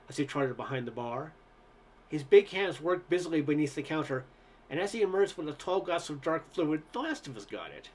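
A man narrating a story aloud in a relaxed storytelling manner, with occasional stumbles. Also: on the high side, brisk. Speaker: story reader. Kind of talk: audiobook narration.

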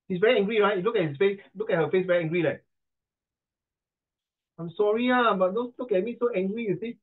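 Chatty Singaporean tutor, middle-aged man, higher pitched, heard through a thin call connection. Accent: Singaporean English. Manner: chatty, teasing, mixes in Mandarin. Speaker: English pronunciation tutor. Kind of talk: online class coaching. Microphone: video call. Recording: tinny video call line.

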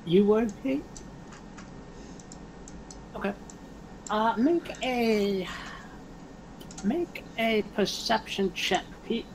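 A game master narrates a tabletop game very slowly, stopping often on ums and uhs. A faint hiss runs under the voice. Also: mid-range voice, animated. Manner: hesitant, many ums and uhs.

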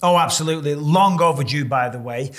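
A middle-aged man talking as a fight analyst on a sports preview show, animated and jokey as he breaks down fighters' styles. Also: fairly high pitch, fairly quick.

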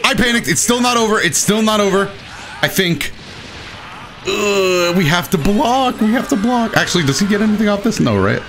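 A young man giving excitable live commentary on his own fighting game matches, talking to himself and laughing at his own mistakes. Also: high-pitched, moderate pace, a little hiss or hum. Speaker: gaming commentator.

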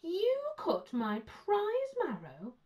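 A woman's voice: a little high, big pitch swings, moderate pace, a little mellow, distant mic, voice pushed up. A woman voicing a puzzled, aggrieved middle-aged husband. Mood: baffled. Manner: baffled, aggrieved. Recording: muffled lo-fi sound.

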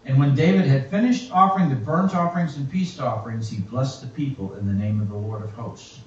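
A man's voice: mid-range voice, a little hiss or hum. Man preaching in an echoey church. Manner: slow, reflective preaching, reading scripture aloud. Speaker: pastor. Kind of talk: sermon. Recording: echoey, distant, muffled church recording.

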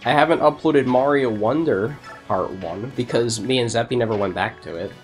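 A man's voice: mid-range voice, normal speed, faint music behind. A man hosting a let's play, chatting casually in a rambling way and laughing often. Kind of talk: casual gaming chat.

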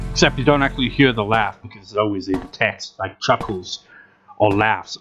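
This young let's play gamer has a lowish voice and a moderate pace. Playing at home with a cat in the room and game music behind him, he swears often as he gives exasperated, sarcastic commentary.

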